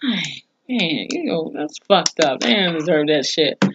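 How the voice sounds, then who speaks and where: A woman's voice: deep voice, animated, takes it slowly, dull audio, background noise. A woman recapping a TV episode in casual, profane storytelling, with plenty of asides and cursing. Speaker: TV series reviewer.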